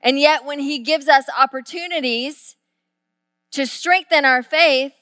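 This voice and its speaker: A woman pastor, preaching a sermon and telling a story, moving from hushed, intimate lines to loud, excited shouts. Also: sits high, a little slow, no room sound, studio quality.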